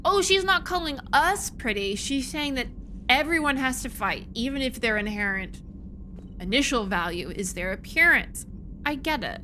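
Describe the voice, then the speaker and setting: A woman's voice: on the high side, pushed and bright, a little hiss or hum. A woman streaming a video game, chatting casually, frustrated and swearing freely. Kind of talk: casual let's-play commentary.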